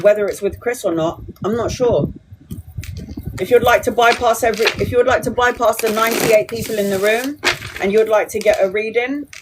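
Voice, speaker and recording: A woman in her forties reads tarot for viewers on a live stream, chatting and reassuring as she answers their questions. Her voice sits at a medium pitch. A faint hiss of background noise runs under her talk. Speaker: tarot reader. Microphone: phone or webcam on a live stream.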